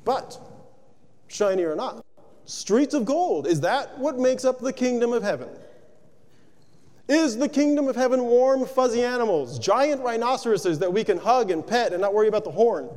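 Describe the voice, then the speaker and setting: A man's voice: very high-pitched, animated, normal speed, darkish tone, big-room sound. A man preaching a sermon, working through rhetorical questions in a loose, conversational way.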